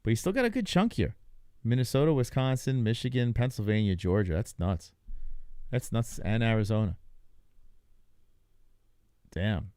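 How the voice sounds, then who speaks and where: A young man runs a live reaction stream, riffing loosely and tossing jokes at his chat. His voice is smooth and clean, at an ordinary pitch. The sound is dry and close, with no room echo. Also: expressive, moderate pace, pauses often, darkish tone. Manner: loose, joking, talks to chat. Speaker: livestream host. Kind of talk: casual live reaction commentary.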